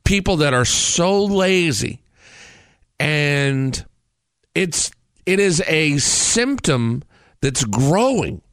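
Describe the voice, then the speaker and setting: Speaking extremely slowly and pausing often, a man in his forties hosts a show where he rants profanely and tells animated stories for laughs. His voice is a little high, and the recording is dry and studio-clean.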